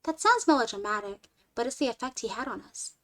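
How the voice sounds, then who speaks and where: A woman streamer reading a short story aloud in an expressive way, moving between lively and hushed delivery. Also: a little high, a little fast.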